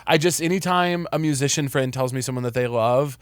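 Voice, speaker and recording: An animated young man from Missouri tells stories in a relaxed podcast chat, laughing often and swearing here and there. The close mic is dry, with no room sound. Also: mid-range voice, brisk, smooth, no echo. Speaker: podcast host. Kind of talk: casual chat.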